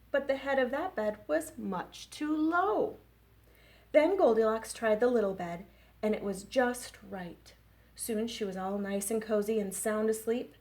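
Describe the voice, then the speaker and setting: A woman children's librarian leading story time, gentle and expressive. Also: on the high side. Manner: gentle, expressive, engaging kids.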